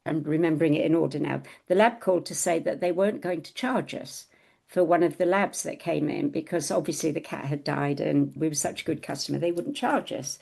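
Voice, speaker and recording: Gravelly-voiced woman telling a lively story. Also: low-pitched, fairly quick. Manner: animated storyteller who acts out quoted dialogue with laughs. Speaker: podcast co-host telling her story. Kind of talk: storytelling in casual chat.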